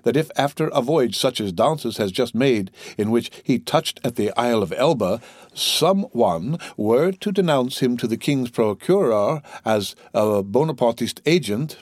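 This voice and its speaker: A man's voice: medium pitch, lively intonation, unhurried, darkish tone, dry recording. A man voicing a scheming, envious male ship's clerk who speaks slyly and persuasively, in a storybook reading. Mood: calculating. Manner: sly, persuasive, mock-innocent.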